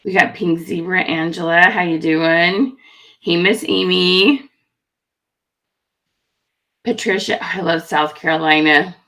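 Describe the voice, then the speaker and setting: A woman's voice: on the low side, steady tone, takes it slowly, long pauses, bright, forceful tone. A woman hosting a live online stream, chatting in a friendly way as she greets viewers in the comments. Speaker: livestream host.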